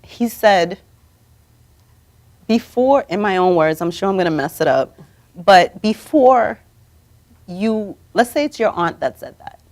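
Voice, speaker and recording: A woman hosting a live talk show, coaching her guests to say affirmations out loud. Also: medium pitch, lively intonation, unhurried, long pauses. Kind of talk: motivational talk show chat. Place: studio or room, streamed live.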